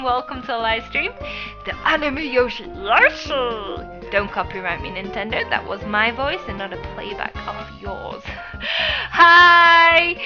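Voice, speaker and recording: Giggly high-voiced woman streamer. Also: sharp tone, dull audio. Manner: chatty, giggly, greets viewers by name. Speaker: game streamer. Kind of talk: live stream chat while gaming.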